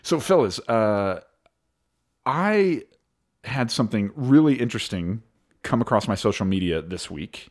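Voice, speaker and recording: A man's voice: lowish voice, lively intonation, unhurried. Laughing male podcast host. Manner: jokey, laughs often while reading aloud. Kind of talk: casual podcast chat.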